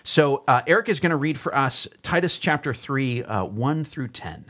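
Guy pastor on a podcast, mid-pitch, chatty, laughs a lot, kinda self-conscious. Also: lively intonation, moderate pace, very noisy. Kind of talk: casual chat and Bible teaching.

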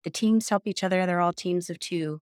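A woman's voice: on the low side, fairly quick, no room sound, studio quality. A woman in her fifties, a journalist guest telling her story in a casual podcast chat, enthusiastic and laughing often. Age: 50s.

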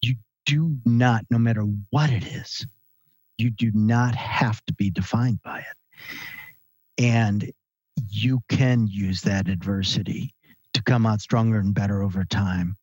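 A man guest on a podcast interview, telling stories in an animated, emphatic, conversational way. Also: on the low side, slow pace, husky, no room sound. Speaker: guest, author and speaker.

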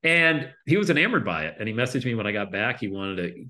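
A man with a low voice telling a story in a casual interview. He talks in animated bursts: his voice rises sharply for the high points, then falls away softly as each phrase ends. He sounds like a practiced stage speaker. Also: fast talker. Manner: lively storyteller, voice jumps up for punchlines then drops low; trails off quietly at the ends of phrases. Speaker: interview guest, speaker and coach.

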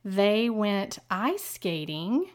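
A woman's voice: mid-range voice, very animated, drawn-out words. A woman co-hosting a casual chat podcast, summarizing episodes in a plain conversational way. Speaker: podcast co-host. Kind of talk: casual chat recapping a TV show.

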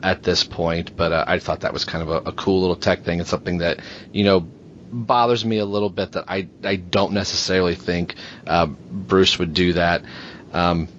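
A man with a low voice muses through ideas on a podcast, often restarting and posing questions. The sound is muffled and lo-fi. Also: fairly bright tone, a little hiss or hum. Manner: thinking aloud, hesitant restarts. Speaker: podcast co-host. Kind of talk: casual podcast chat. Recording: dull lo-fi audio.

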